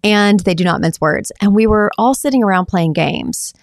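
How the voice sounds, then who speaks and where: A woman from the American South who teaches intuition, chatting casually and telling animated stories in which she acts out her relatives' lines. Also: mid-range voice, normal speed, vocal fry, dry recording, clean studio sound. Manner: animated storyteller, acts out family members' lines. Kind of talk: casual conversational chat.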